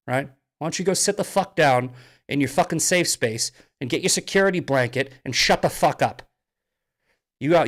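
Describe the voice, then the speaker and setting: A man hosting a political monologue on a live stream, mocking his critics, swearing and shouting at points. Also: mid-range voice. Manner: angry, profane, shouting bursts. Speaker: host.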